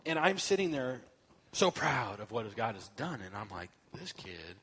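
Animated joking male preacher. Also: medium pitch, moderate pace, slightly rough, long reverb tail. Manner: animated, joking, swings from loud to soft. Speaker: guest speaker. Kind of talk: sermon storytelling.

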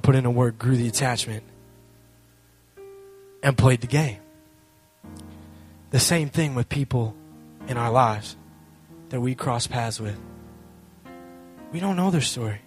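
A young man speaking to a live audience, telling a lively story with self-mocking humor and acting out both sides of the conversation. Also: medium pitch, unhurried, pauses often, soft background music. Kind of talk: animated storytelling talk.

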